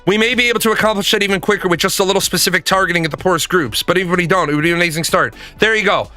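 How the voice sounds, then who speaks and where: A man rants casually, swearing freely and repeating lines for emphasis. His voice sits high with a bright, forceful tone. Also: rapid-fire, hardly any pauses, faint music behind. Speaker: commentator. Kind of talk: casual profane rant.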